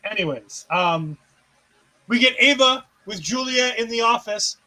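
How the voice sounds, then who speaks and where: A man's voice: very high voice, animated, unhurried, bright, forceful tone, poor audio. A man co-hosting a casual wrestling recap, retelling scenes with sarcastic asides and acted-out quotes. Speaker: co-host.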